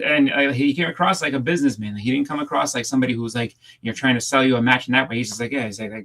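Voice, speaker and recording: A man's voice: medium pitch, racing, few pauses, fairly bright tone, poor audio. A man chatting casually on a livestream panel, telling long rambling stories full of restarts and fillers. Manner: rambling storyteller with many restarts. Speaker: panel co-host. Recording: home setup over a livestream.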